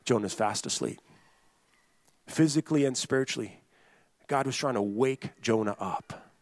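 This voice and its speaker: A man's voice: mid-range voice, normal speed, no echo. A man preaching a sermon, earnest and repetitive, often restating a point and speaking straight to the listeners. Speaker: pastor.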